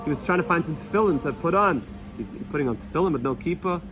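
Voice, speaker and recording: Earnest rabbi, fairly high voice, music behind. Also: male voice, lively intonation, fast. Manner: earnest, repetitive, sprinkles Yiddish and Hebrew words. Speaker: rabbi teaching a weekly Torah lesson. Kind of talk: storytelling Torah talk. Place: Jerusalem.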